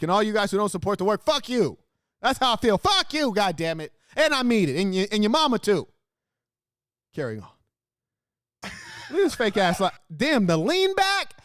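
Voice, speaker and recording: With a high-pitched voice and no room sound, this man hosts a show where he mocks video clips from his studio. He's brash and crude, firing off insults punctuated by abrupt laughter.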